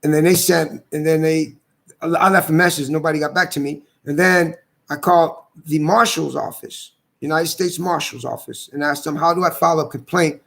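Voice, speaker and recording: Gravelly, agitated man venting. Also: a little high, steady tone, normal speed, fairly bright tone. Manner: agitated, repetitive, swears often. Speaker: vlogger airing a grievance. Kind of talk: angry rambling monologue.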